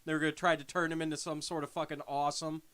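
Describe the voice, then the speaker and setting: A man's voice: on the high side, flat delivery, very fast, a bit bright, clean tone. A man co-hosting a podcast, chatting casually with sarcastic, profane quips. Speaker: podcast co-host. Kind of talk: casual chat.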